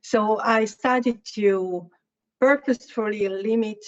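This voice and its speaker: A Hungarian-accented woman speaks at a middle pitch, telling a lecture audience about her own work in a frank, hesitant way as she hunts for the right words. Her voice is a little hoarse. The recording sounds somewhat dull and muffled. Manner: halting, searching for words, candid. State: slightly hoarse, clearing throat. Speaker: guest artist lecturer.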